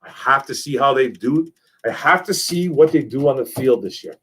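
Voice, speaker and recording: A young man hosts a casual live stream, reading chat messages and talking football in a lively, repetitive way while calling people "man" and "bro." His medium-pitched voice moves at a moderate pace with a breathy edge.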